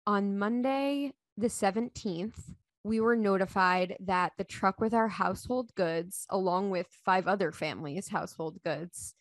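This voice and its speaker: A woman's voice: mid-range voice, dry recording. Chatty woman telling a story, dry close sound. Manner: animated, laughs often, acts out quoted dialogue. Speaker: podcast guest. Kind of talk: casual storytelling.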